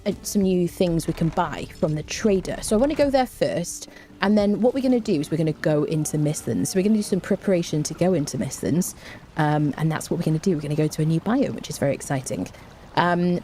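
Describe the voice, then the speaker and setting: A woman streaming a game live, talking through her play in a relaxed, chatty way with plenty of fillers and answering chat. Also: low voice. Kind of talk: live gameplay commentary, reading chat.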